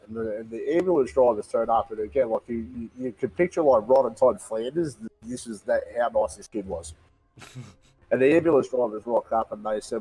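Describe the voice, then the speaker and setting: An Australian man as a podcast guest, telling a funny story in a casual, animated way and laughing as he goes. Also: mid-range voice, a little fast, slightly rough, rough recording.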